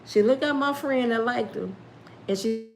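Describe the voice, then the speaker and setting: A woman in her fifties telling a casual story, animated and laughing often as she acts out the people in it. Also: fairly high pitch, moderate pace, slight background noise. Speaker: storyteller host.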